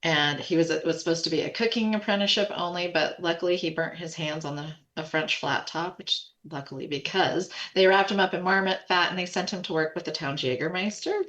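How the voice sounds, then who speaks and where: Low-voiced woman telling a lively story. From United States. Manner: animated, quotes others in quick asides, laughs often. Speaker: podcast guest, food company co-founder. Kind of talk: casual storytelling.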